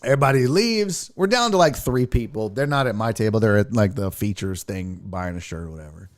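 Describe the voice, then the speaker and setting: Animated, profane male storyteller. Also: fairly low pitch, a little fast, no room sound, clean studio sound. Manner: animated, profane, mock-outraged. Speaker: comedian and sports podcast host. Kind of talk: casual storytelling.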